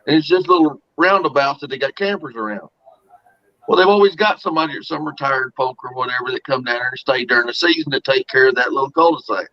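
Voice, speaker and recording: A man telling folksy stories in casual chat. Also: mid-range voice. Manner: folksy storyteller, acts out quotes. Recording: dull lo-fi audio.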